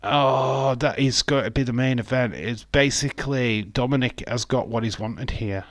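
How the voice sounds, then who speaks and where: A medium-pitched man with an English accent, from England, talks at a moderate pace with no echo. He's the casual, joking host of a live wrestling watch-along who reads viewer chat aloud and answers it.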